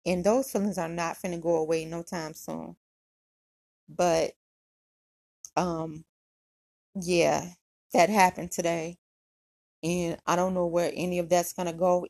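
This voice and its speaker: A woman with a low, deeply creaky, gravelly voice hosts a podcast. She tells a personal story in a relaxed, chatty way, full of slang and fillers. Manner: chatty, slangy retelling with frequent "he was like" and "um". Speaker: podcast host.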